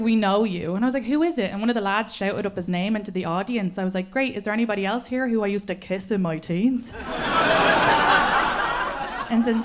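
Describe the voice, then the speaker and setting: An Irish woman in her thirties performing a stand-up comedy set, telling stories quickly and animatedly, often laughing along. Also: medium pitch. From Ireland. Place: comedy club stage with an audience. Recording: live stage mic with audible audience laughter.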